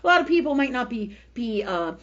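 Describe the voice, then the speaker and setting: A woman's voice: fairly high pitch, sing-song, a little fast, a bit bright, lo-fi sound. A woman hosting a spiritual health show, speaking bluntly with plenty of profanity, laughing often, and slipping into repetitive healing prayers. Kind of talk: candid spiritual talk on a live show.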